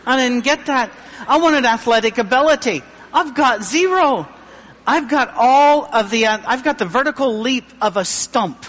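A middle-aged man pastor giving a humorous, self-deprecating sermon with a thin, high voice. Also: lively intonation, moderate pace, a bit bright, big-room sound.

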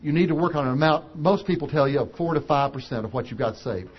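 A man preaching a sermon, an animated storyteller who acts out the voices of characters. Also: a little high, fast talker, dull audio.

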